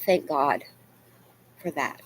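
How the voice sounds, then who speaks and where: This low, slow female voice belongs to a vlogger venting to camera: rambling, self-deprecating, sometimes crying, and full of "you know"s. A little hiss or hum is audible.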